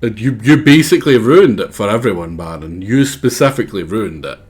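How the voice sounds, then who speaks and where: A man rambles through casual gameplay commentary on a livestream, mocking himself as he goes. His voice sounds sore and worn, yet his pitch still rises and falls in a lively way. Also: a little fast, husky.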